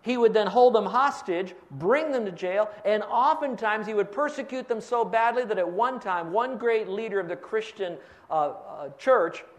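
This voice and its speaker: A man's voice: sits high, animated, moderate pace, dull audio. A man teaching a Bible sermon to a live audience, asking them to fill in words. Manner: asks the audience to fill in blanks. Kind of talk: radio sermon.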